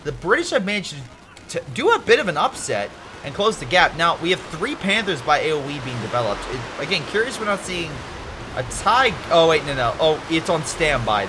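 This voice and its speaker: A man commentates a war-strategy replay in a casual, excitable way. His voice swings widely and sits a little high for a man. A clear hiss of background noise runs under the home recording. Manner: animated, excitable, jokes and swears at the screen.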